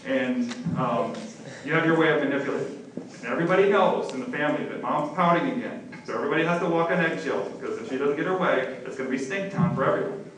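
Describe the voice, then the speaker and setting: A man's voice: mid-range voice, animated, quick pace, a bit bright, a little hiss or hum. A middle-aged man as pastor, preaching a sermon in a conversational, humorous way. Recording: very echoey, from far off.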